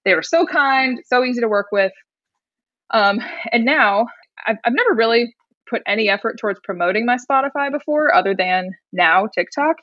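A woman's voice: fairly high pitch, moderate pace, no echo, dull audio. A young woman from Indiana in her twenties, telling a story in casual chat and acting out the voices of the people she quotes. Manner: animated storyteller, acts out quoted voices, laughs often. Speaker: podcast guest, songwriter and rapper.

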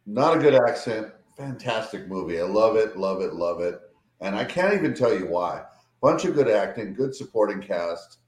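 An American man with a fairly low voice, co-hosting a relaxed podcast chat over a video call. His voice sits in an echoey room, and he piles on praise with eager repetition. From United States.

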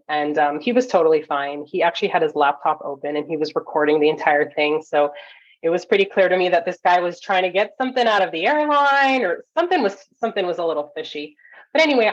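A woman from Toronto, a nurse coach, telling a story as a podcast guest, animated and full of quick asides. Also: low-pitched. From Toronto, Canada. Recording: dull lo-fi audio.

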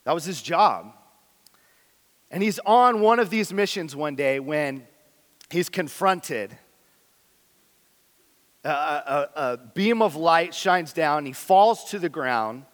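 A man preaching a sermon as pastor, earnest and candid, moving between loud emphasis and quiet intensity. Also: fairly high pitch. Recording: long hall reverb.

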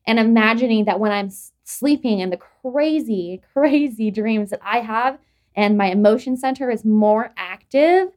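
A woman's voice: on the high side, moderate pace, a little mellow. A young adult woman hosting a podcast, telling stories in a rambling, casual way full of "like" and restarts. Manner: rambling, filler-heavy storytelling with frequent "like". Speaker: podcast host. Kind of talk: casual chat.

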